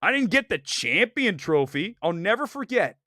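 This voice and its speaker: A man from Ohio hosting a live movie talk stream, loud, outspoken and jokey, breaking into mocking voices now and then. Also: high-pitched, sing-song, moderate pace, no echo, clean studio sound. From Ohio, United States. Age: adult. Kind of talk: casual live-stream rant.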